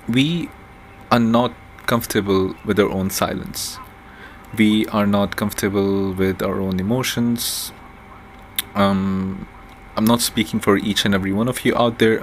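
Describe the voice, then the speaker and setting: Slow, rambling low-voiced man. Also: slight background noise. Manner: rambling, thinks aloud with many fillers and restarts. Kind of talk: casual solo musing, podcast-like.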